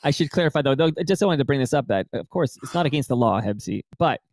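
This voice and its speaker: A man co-hosting a sports podcast, bantering and teasing, pausing with fillers as he talks. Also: mid-range voice, expressive, no room sound. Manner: teasing, laughs often, hesitant with fillers. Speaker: podcast co-host. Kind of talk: casual banter.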